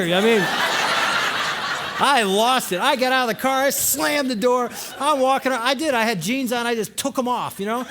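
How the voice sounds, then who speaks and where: A male conference speaker telling a story in a sermon, animated, acting out scenes and shouting at the peaks. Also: extremely high pitch, brisk, some chatter behind, a little hiss or hum.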